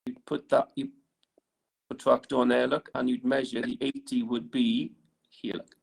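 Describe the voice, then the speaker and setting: A male teacher talks his class through a drawing exercise on the board, with a gravelly, creaky voice at a middling pitch. He keeps asking "right?" as he draws and explains. He sometimes turns away from the mic. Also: flat delivery, unhurried. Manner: talks while drawing on the board, lots of "right?" tag questions. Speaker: engineering teacher. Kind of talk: classroom lesson.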